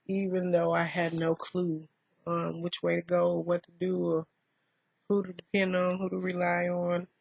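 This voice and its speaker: A woman vlogger talking softly and reflectively in a rambling way while doing her makeup, in a dull lo-fi recording. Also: fairly low pitch, monotone, measured pace, vocal fry, breathy edge, no room sound. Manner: soft-spoken, rambling, musing.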